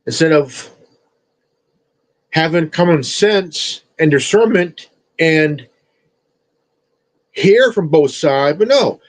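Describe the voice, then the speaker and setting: Slow, scolding man with a lively pitch. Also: poor audio. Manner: scolding, repetitive, profane. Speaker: streamer. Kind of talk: confrontational rant.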